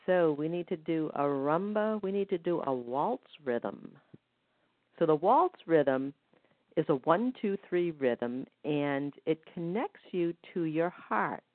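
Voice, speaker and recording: A woman with a low, animated voice speaks slowly, counting waltz beats over a dry, tinny, phone-like line with no echo. She's an energy healing practitioner guiding a healing session, gently counting the rhythms aloud.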